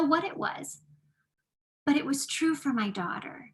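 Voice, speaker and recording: Bright-voiced woman giving an online workshop. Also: high voice, sing-song, takes it slowly, long pauses. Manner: earnest and conversational, with frequent fillers. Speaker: grief workshop presenter.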